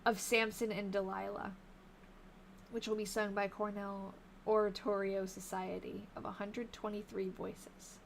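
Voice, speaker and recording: A woman's voice: mid-range voice, flat delivery, a little slow, creaky, a little hiss or hum. A tired woman hosting a live stream, thinking aloud as she reads old newspaper snippets and chats to her viewers. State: tired, yawning. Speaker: live-stream host researching old diaries. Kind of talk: casual live-stream chat while reading aloud.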